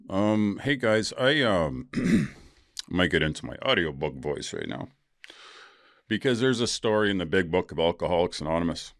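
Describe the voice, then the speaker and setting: A man's voice: low-pitched, lively intonation, moderate pace, dry recording, clean studio sound. A middle-aged man hosting his own podcast, talking candidly in a rambling, casual way, with frequent swearing and fillers. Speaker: podcast host. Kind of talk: casual solo podcast talk.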